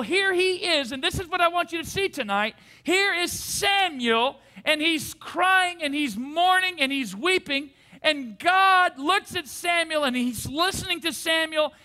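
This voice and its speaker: A man's voice: very high voice, expressive, unhurried, few pauses, bright, forceful tone. A man in his forties preaching a fervent sermon to a church congregation, calling on the audience to repeat after him. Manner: fervent preaching with call-and-response. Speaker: pastor. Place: church service.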